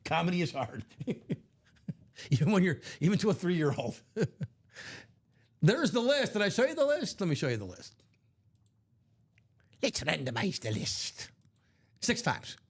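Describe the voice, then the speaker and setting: A man's voice: sits high, sing-song, slow pace, pauses often, breathy edge. A middle-aged man hosting a live card-break stream, chatting casually and upbeat and laughing often.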